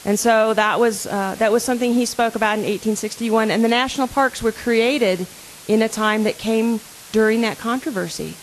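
A woman's voice: on the high side, steady tone, normal speed, rough recording. Woman giving an earnest talk, faint hiss. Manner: asks audience questions, earnest and conversational. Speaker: park service official speaker. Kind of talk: public talk to an audience.

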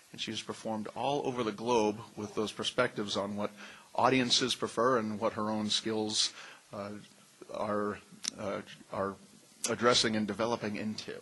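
A man with a bright, slightly husky voice introduces panelists from his notes. He stumbles now and then over long titles and slips in wry asides as the panel's moderator. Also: mid-range voice, poor audio. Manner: reads bios with occasional stumbles and asides. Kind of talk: reading speaker introductions at a panel.

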